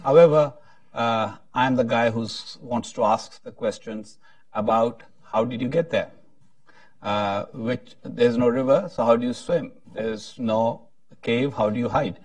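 A man's voice: medium pitch, unhurried, a little mellow, no echo, far from the mic. A man moderating a panel discussion, talking in a rambling, hesitant way with frequent restarts.

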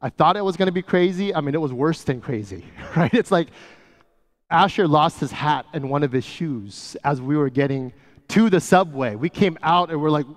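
A man preaching a sermon as pastor, talking casually and often dropping to a soft, hushed voice. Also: fairly high pitch, expressive, moderate pace. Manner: conversational, often drops to a soft hush. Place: church sanctuary. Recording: church hall with long reverb.

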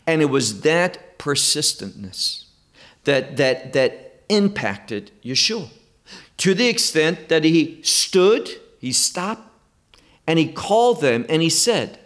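Slow, animated preaching man. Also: on the high side. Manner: emphatic, deliberate, preacherly phrasing. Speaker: Bible teacher. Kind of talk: Bible study sermon.

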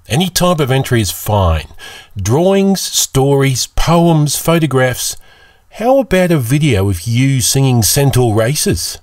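A cheerful young camper boy, played by a man in an audio story, talking in a raised, bright-pitched voice. He chats upbeat and friendly, with a dry, close sound. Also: no echo. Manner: upbeat, chatty invitation.

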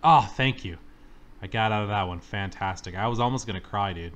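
A young man commenting on his gameplay, complaining dramatically and yelling at the game when things go wrong. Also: lowish voice, a little fast. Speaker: let's-play gamer. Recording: faint game music behind.

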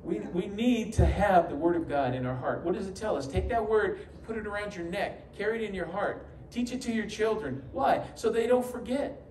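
Pitched high and a bit mellow, the pastor from New York talks at a normal speed and barely pauses while delivering his sermon. He tells stories, drops in jokes, and voices the people he quotes, all picked up from a distance in a reverberant sanctuary with faint ambience and slight background noise.

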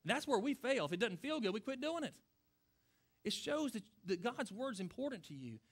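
A middle-aged pastor preaching in a voice pitched high for a man. He talks earnestly and conversationally and keeps putting direct questions to his listeners. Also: sing-song, normal speed, slightly rough. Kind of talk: sermon answering questions.

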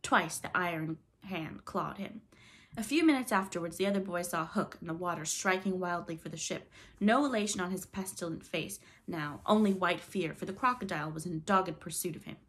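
A woman narrating a classic children's storybook in a dramatic, expressive reading style. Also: fairly low pitch, fairly quick. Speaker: audiobook narrator.

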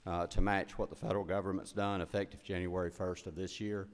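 A man's voice: sits low, level tone, a little fast. A man, slightly out of breath, presenting a bill to a committee in a plain, matter-of-fact way. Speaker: state legislator presenting a bill. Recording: echoey hearing room.

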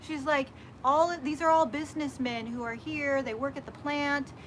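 A woman hosting a casual chat, telling a story in an animated way and acting out what people said. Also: sits high, normal speed, poor audio. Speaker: host. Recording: background noise from a nearby worker.

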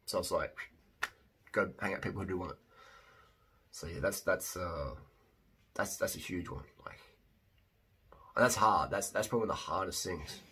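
A man's voice: deep voice, moderate pace, pauses often, sharp tone, breathy edge. A man talking casually to camera as a fitness vlogger and coach, emphatic and blunt, with many restarts.

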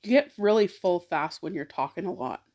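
A woman's voice: lowish voice, animated, a little mellow. A woman hosting a mukbang vlog, chatting casually and reflectively between bites. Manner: slow, reflective, motivational. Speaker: mukbang vlogger. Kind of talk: casual chat while eating.

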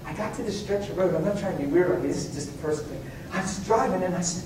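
A man preaching a sermon, telling personal stories in an animated way, moving from hushed asides to high exclamations. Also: fast talker, few pauses, background noise. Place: church meeting hall. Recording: very echoey hall, voice from far off.

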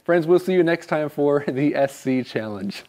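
A man co-hosting a scripted English lesson, reading quiz questions clearly in a playful manner. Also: a little high, expressive, normal speed, mellow. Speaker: co-host of an English lesson show.

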